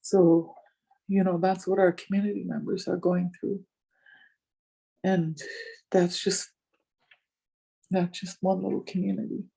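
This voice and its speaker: An older woman speaking as a community elder, recounting a story and acting out both sides of each conversation. Her voice is very mellow and dark, with a husky edge. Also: lowish voice, measured pace, long pauses. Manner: animated retelling with many quoted exchanges. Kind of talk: storytelling talk.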